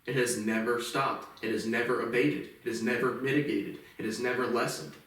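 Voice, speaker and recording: A vlogger in his late twenties rants bitterly and profanely to the camera about his own life. His medium-pitched voice is fairly bright, with fairly even intonation and a fairly quick pace. The recording sounds distant, caught from far off in an echoey room.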